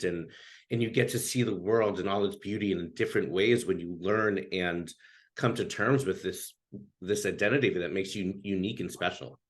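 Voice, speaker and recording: Man, low pitch, earnest, halting, interview guest, coach. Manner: earnest, halting, with many restarts. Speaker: life coach for queer youth.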